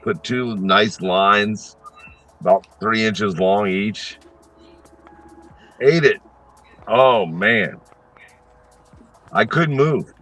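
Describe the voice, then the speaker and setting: A man's voice: fairly low pitch, drawn-out words, long pauses, fairly bright tone, soft background music, rough recording. A man in a casual chat, telling a story in a laid-back, laughing way.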